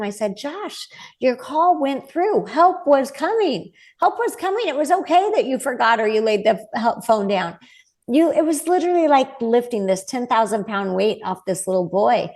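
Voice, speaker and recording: A woman's voice: on the high side, animated, fairly quick, a little mellow. A woman in her forties, a guest medium, telling her story earnestly in a casual interview and acting out the voices she quotes.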